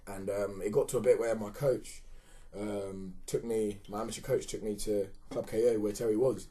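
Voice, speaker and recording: A man's voice: on the low side, fairly even intonation, normal speed, warm tone. A man as a podcast guest, talking reflectively and repeating himself as he thinks aloud. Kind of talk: casual interview chat.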